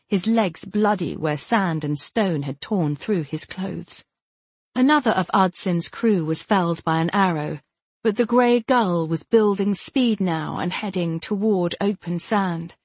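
A woman reading a fantasy novel aloud as an audiobook narrator, in a steady, even storytelling manner. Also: lowish voice, a little slow, breathy edge, dry recording.

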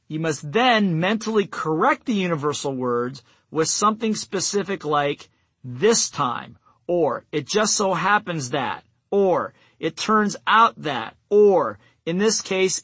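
A man delivers an instructional sales-training talk in a somewhat high voice. He works through numbered steps and drops into short acted bits of self-talk. The sound is close and dry, with no room echo. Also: bright, forceful tone, breathy edge.

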